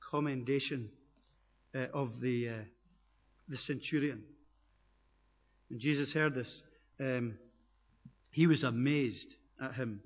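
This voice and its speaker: A man preaching a sermon as pastor, earnest and building to emphatic high peaks. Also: breathy edge. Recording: dull echoey hall recording.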